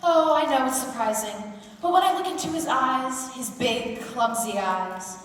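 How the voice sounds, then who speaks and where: A woman's voice: high-pitched, a little slow, a bit bright. A woman playing a drowsy, grand middle-aged chaperone with a languid drawl on stage. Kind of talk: stage musical performance. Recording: distant echoey stage recording.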